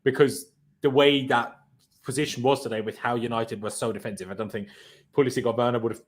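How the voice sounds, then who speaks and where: Brief: male panel host, rapid-fire delivery, even middle pitch, relaxed chat over a video call. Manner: fast, chatty, hands the floor to others. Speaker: host of a fan reaction panel.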